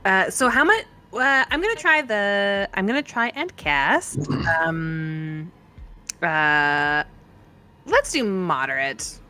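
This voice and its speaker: A woman talks through her turn in a tabletop game over a voice call. Her voice is bright and very lively in pitch, and she jokes and thinks aloud with ums and uhs. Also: slow, clean tone, faint music behind. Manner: chatty, giggly, thinks aloud with fillers. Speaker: player. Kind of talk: casual tabletop play.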